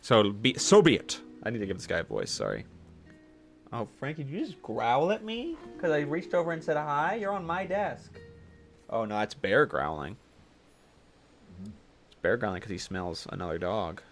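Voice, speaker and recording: A man's voice: medium pitch, sing-song, normal speed, vocal fry, long pauses, faint music behind. A man chatting casually while live-streaming a game from his home desk, rambling and joking and swearing often.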